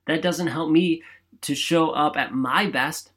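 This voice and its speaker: A man's voice: fairly high pitch, a little slow, a bit bright, husky. Upbeat, emphatic male podcast host. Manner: upbeat, emphatic, chatty with frequent "right?". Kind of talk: motivational solo talk. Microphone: studio microphone.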